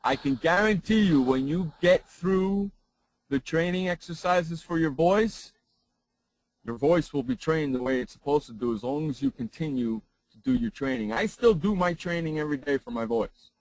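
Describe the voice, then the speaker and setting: A man who works as a broadcast voice trainer, talking in a casual studio chat and jumping high in pitch mid-sentence. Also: lively intonation, moderate pace, darkish tone, dry recording, rough recording.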